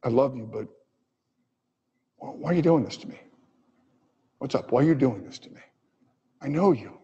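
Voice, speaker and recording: A man's voice: mid-range voice, normal speed, vocal fry, mellow, slightly rough. A man voicing a faithful sufferer who pleads and stammers in a raised voice, in a dull echoing hall. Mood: pleading. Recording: dull audio with long hall reverb.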